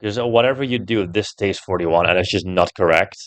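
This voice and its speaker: A man's voice: sits low, a little fast. Frustrated young man puzzling aloud. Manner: swears a lot, gets loudly frustrated. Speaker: gameplay streamer. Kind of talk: puzzle game commentary.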